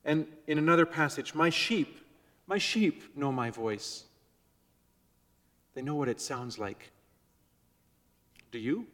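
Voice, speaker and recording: A man preaching a sermon to his congregation, measured and shifting between soft, gentle phrases and loud emphasis. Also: a little high, in a large hall. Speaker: pastor. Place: church before a congregation.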